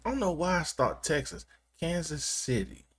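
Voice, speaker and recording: A man's voice: on the high side, animated, normal speed, breathy edge. A man live-streaming from his gaming chair at home, chatting casually with viewers, joking and laughing often.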